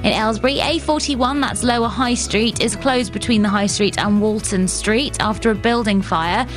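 A woman reading a radio travel bulletin in a crisp, matter-of-fact way. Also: on the high side, moderate pace, over music. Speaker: travel news reader.

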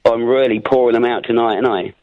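A man's voice: medium pitch, steady tone, fast talker, no room sound. A male caller on a radio phone-in who speaks in stiff, formal, wordy phrases. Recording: dull phone-line sound.

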